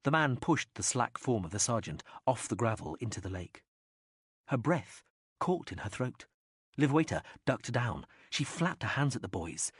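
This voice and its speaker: A man narrating an audiobook in a lively, expressive reading style. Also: medium pitch, moderate pace, slightly rough, no room sound, clean studio sound. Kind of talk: scripted narration.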